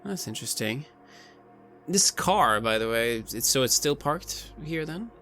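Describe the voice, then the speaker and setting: A man's voice: medium pitch, lively intonation, a little slow, pushed and bright, soft background music. A man playing a tabletop game, speaking hesitantly with stammered restarts. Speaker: player.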